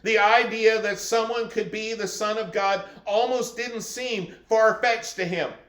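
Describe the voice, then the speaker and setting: A male pastor with a fairly high voice delivers a reflective sermon, explaining scripture calmly. His voice rings through an echoey church room. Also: a little slow.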